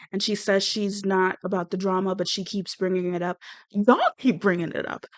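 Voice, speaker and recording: A woman's voice: mid-range voice, flat delivery, normal speed, no echo. A woman giving blunt, rambling, sassy commentary on a reality show. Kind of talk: casual reaction commentary.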